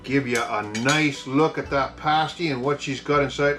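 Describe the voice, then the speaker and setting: A man's voice: medium pitch, steady tone, moderate pace, fairly bright tone, faint music behind. A man with an Upper Michigan Yooper accent, hosting a jokey mock food-review show in a folksy, hammy way. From Upper Peninsula of Michigan. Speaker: comedy vlog host.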